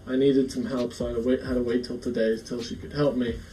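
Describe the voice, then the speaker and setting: A man's voice: mid-range voice, level tone, quick pace, mellow, slight background noise. A man casually showing off a guitar, rambling with fillers and restarts as he talks. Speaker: guitar vlogger. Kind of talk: casual show-and-tell. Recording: echoey room, faint music.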